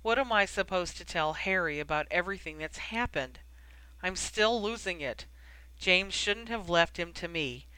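A grown wizard eaten up by guilt who lashes out at himself in bitter, self-reproaching bursts, as the audiobook reader voices him. The voice is bright and crisp with a dry, close sound. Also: mid-range voice, animated, normal speed, no room sound, poor audio. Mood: anguished.

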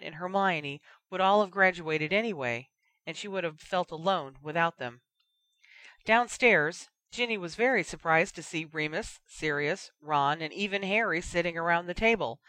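Bright, dry audiobook reader. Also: mid-range voice, no room sound. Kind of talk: fan fiction reading.

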